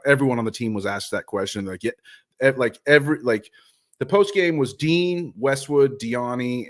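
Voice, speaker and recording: A man hosting a live soccer chat show, rambling, self-mocking and dropping the odd curse. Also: medium pitch. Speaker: podcast host.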